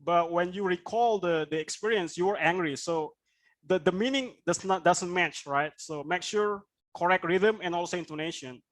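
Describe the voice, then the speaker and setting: A man's voice: high-pitched, moderate pace, a bit bright. A man teaching IELTS speaking in an online class, explaining points and checking in with "right?". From Indonesia. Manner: explanatory, with frequent "right?" tag questions.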